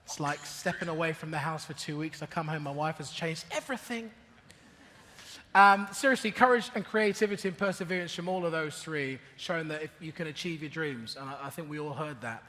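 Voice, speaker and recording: A man's voice: a little high, fast talker, hardly any pauses, fairly bright tone. A man hosting a live conference panel, rousing the audience with lots of energy. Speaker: event host and panel moderator. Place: large conference hall with audience. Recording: hall reverb, crowd.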